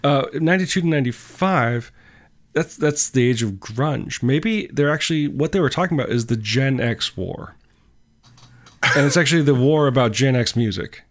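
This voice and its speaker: A man's voice: mid-range voice, expressive, normal speed. A man co-hosting a podcast in casual chat, with wry jokes and many short agreeing replies. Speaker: podcast co-host.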